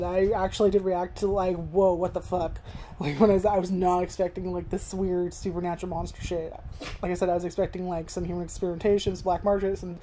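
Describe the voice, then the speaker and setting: A woman's voice: on the low side, mellow, slight background noise. A young woman rambling through a casual review at home, swearing freely and filling with "like". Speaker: vlogger. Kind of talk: casual first-impressions review.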